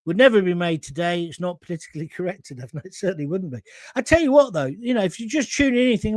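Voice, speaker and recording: A man's voice: sits high, expressive, fast, darkish tone, no room sound. A man hosting a live talk show, reading out viewer comments and rambling through anecdotes on a close mic. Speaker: host.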